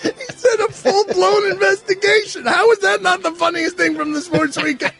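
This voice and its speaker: A middle-aged man hosting a sports radio show, riffing fast and breaking into giggles as he banters. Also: very high-pitched, fairly even intonation, gravelly, over music.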